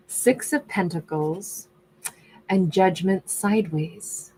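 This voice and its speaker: A woman's voice: on the low side, moderate pace, slight background noise. A woman doing a casual tarot reading who thinks aloud and is losing her voice. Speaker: tarot reader.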